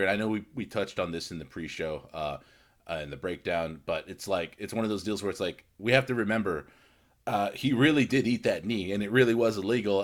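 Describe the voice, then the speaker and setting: Low-voiced man in casual podcast chat. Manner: rambling, many restarts and fillers. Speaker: podcast co-host.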